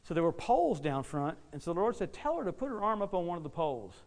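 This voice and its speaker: A middle-aged American man preaches at a rapid clip, his voice sitting a little high for a man. He tells stories with big dynamic swings, bursting out loud and then dropping to near a whisper. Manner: animated, dramatic swings between loud and hushed. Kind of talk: sermon storytelling.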